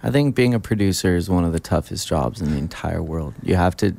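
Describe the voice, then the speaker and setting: A man's voice: low voice, animated, fairly quick, gravelly, darkish tone. A man hosting a radio show, chatting casually with guests, laughing easily and restarting his sentences. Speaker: radio host. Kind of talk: casual interview.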